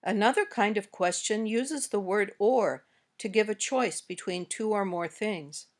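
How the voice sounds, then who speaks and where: Woman modeling questions in an American accent. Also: medium pitch. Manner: slow, carefully modeled example sentences. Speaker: English teacher. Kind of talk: scripted lesson narration.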